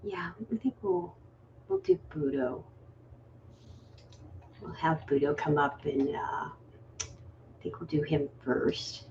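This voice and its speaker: A woman co-hosting a podcast, talking in a soft, hesitant way as she sets up the next segment. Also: sits low, very animated, takes it slowly, vocal fry, pauses often. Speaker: podcast co-host. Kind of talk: casual chat. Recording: dull, slightly noisy, distant mic.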